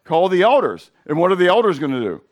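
Hoarse man preaching a casual sermon. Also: high-pitched, sing-song, fast. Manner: conversational, asks the congregation questions. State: hoarse from sinus drainage. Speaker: pastor.

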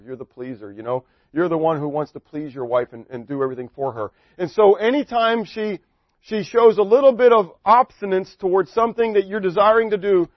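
A man's voice: on the high side, no room sound, lo-fi sound. Joking middle-aged male pastor preaching. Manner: joking, conversational preaching with rhetorical questions. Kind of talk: sermon.

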